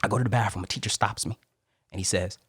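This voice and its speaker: A young man from Detroit tells his story as a podcast guest with a low, husky voice. He acts out the people he quotes in an animated way. The sound is dry and close. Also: quick pace, dry recording. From Detroit, Michigan. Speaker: guest, Marine and motivational speaker.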